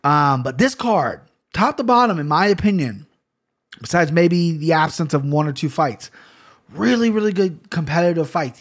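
A man hosting a casual fight-picks show, rambling and swearing freely, often correcting himself mid-sentence. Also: on the high side. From Ohio, USA. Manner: profane, rambling storyteller; fast, excitable tangents with self-corrections. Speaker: MMA fight picks host. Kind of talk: casual chat.

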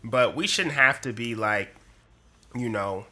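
A man's voice: mid-range voice, takes it slowly, sharp tone. A man co-hosting a podcast, talking casually and hesitantly with many filler words.

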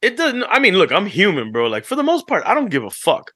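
Bright-voiced man telling animated stories. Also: sits high, fast talker, no echo, studio quality. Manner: animated storyteller, acts out quotes, swears freely. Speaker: podcast co-host. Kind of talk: casual chat.

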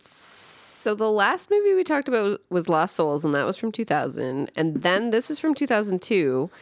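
A woman's voice: mid-range voice, very animated, moderate pace, dry recording, studio quality. A woman co-hosting a casual movie podcast, chatty, laughing often and acting out quotes. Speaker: podcast co-host.

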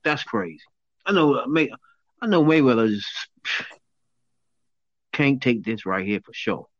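Animated man riffing in slang. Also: medium pitch, unhurried, no room sound, muffled recording. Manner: animated, laughing, incredulous outbursts in slang. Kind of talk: casual commentary chat.

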